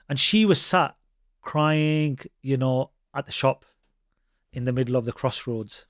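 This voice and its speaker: A man's voice: medium pitch, moderate pace, no room sound, clean studio sound. A man, a Sikh preacher telling stories in conversation and mixing Punjabi phrases into his with frequent restarts. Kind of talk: conversational storytelling.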